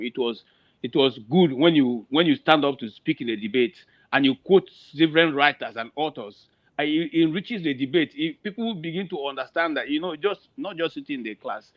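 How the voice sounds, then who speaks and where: A man's voice: a little high, dry recording, dull audio. A man hosting a talk show, chatting nostalgically and rambling through a story. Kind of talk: casual chat.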